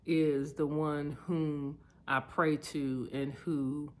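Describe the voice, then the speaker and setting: A woman sharing personal memories in a reflective vlog, candid and heartfelt, getting lively as she tells stories. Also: deep voice, drawn-out words. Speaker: vlogger.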